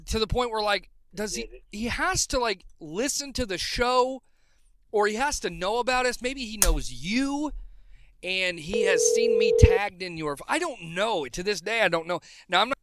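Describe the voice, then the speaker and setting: A man in casual chat, speaking in a hesitant, halting way with many restarts. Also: high voice, expressive, noisy background.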